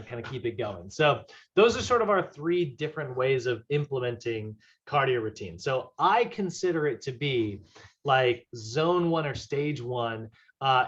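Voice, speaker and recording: A man's voice: mid-range voice, a bit bright. Casual chatty male fitness instructor. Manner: casual, chatty, many fillers and "right?". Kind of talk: recorded class lecture. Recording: slightly dull lo-fi audio.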